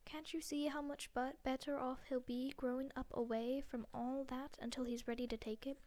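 A woman voicing a wise old male wizard headmaster, calm, measured and firm, in a storybook reading. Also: sits high, lightly acted.

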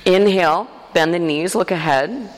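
A woman leading a live yoga class, guiding movement and counting breaths aloud in a relaxed way with frequent fillers. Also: on the low side, normal speed, in a large hall, slight background noise, poor audio. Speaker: yoga teacher. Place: yoga studio with a class present.

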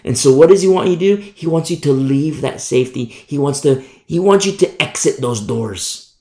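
A man's voice: fairly high pitch, lively intonation, moderate pace, warm tone. A man preaching a sermon emphatically, driving points home with repetition. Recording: echoey room.

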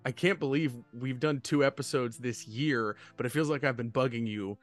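A man's voice: mid-range voice, normal speed, faint music behind. A man hosting a podcast, chatting enthusiastically, often laughing. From Florida, United States. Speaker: podcast host. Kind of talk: casual chat.

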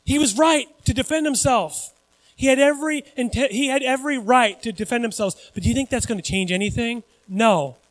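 A man preaching a sermon in an animated, conversational way, with frequent asides to the congregation. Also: very high-pitched, fairly quick, rough recording. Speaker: pastor.

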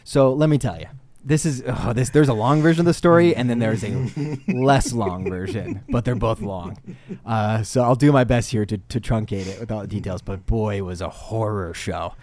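A man co-hosting a casual podcast, telling a story in an animated way, laughing and restarting his sentences. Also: fairly low pitch, normal speed. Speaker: podcast co-host.

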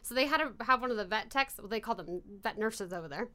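A woman co-hosting a podcast, chatting casually and rambling through animated stories. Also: a little high, quick pace. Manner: animated storyteller, rambling, often says "anyway". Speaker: podcast co-host. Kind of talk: casual chat.

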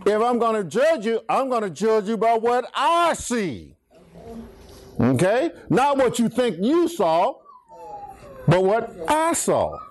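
A man's voice: big pitch swings, slow. A middle-aged man, teaching from the Bible as a pastor and having the congregation finish his lines. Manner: preachy, swings pitch, asks congregation to finish lines. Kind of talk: call-and-response Bible teaching.

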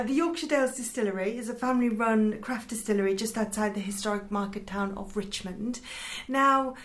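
A woman co-hosting a casual podcast chat, chatty and quick to laugh. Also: a little high. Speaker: podcast co-host. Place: lived in Yorkshire.

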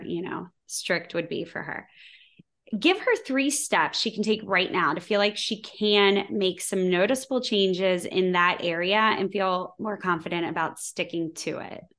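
A woman podcast host talks casually with her guest, agreeing and adding supportive thoughts. Her voice sits at a middle pitch, and she asks questions in an encouraging way. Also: fairly bright tone. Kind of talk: casual conversational interview.

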